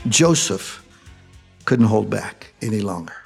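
A man's voice: fairly low pitch, slow pace, vocal fry, big-room sound, soft background music. A male pastor teaching a verse-by-verse Bible sermon in a conversational way, acting out the quotes. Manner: conversational, animated, acts out quotes.

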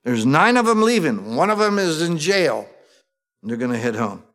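Preacher, male, slightly high voice, chatty delivery that alternates urgent and quiet, long echoing hall sound. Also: sing-song, moderate pace. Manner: conversational, swings between emphatic and hushed. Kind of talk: sermon, reading and explaining scripture. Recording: long reverb of a large hall.

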